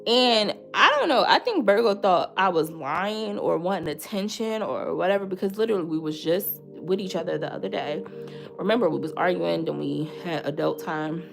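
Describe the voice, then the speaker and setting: A young woman vlogger telling a personal story in a casual storytime style, animated, with sudden loud outbursts, quiet asides and swearing. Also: lowish voice, moderate pace, vocal fry, music in the background.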